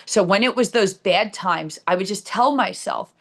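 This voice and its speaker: A woman's voice: medium pitch, moderate pace, few pauses, a bit bright. A middle-aged woman with a New Jersey accent, candidly telling a personal story on her own live stream show, with many fillers and restarts. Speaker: show host.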